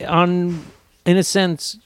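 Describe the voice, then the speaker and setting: A man's voice: high voice, little pitch movement, slow pace, clean tone. A man co-hosting a podcast in casual chat, swearing freely and laughing often. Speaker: podcast co-host.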